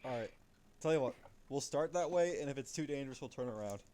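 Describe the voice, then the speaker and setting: A man chatting casually while leading friends through an online game, explaining mechanics in a relaxed way with the odd swear. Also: medium pitch, fast talker, a little hiss or hum. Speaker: gamer leading the group. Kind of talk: casual chat while gaming.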